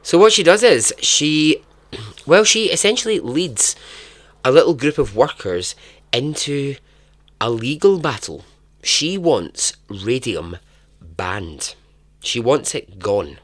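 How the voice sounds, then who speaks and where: A man, hosting a podcast and telling a true story in a casual, chatty way, breaking into animated asides and frequent laughs. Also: mid-range voice, takes it slowly, dry recording. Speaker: podcast host.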